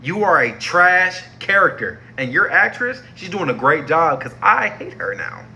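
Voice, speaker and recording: A young man rants through a review of a TV series, heated and exasperated, full of slang and repetition. His voice sits at a middle pitch and comes across bright and forceful, with a faint hiss of noise behind him. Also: very animated, a little slow. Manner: heated, slangy and exasperated, repeating himself for emphasis. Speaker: TV show reviewer. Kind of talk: casual ranting review.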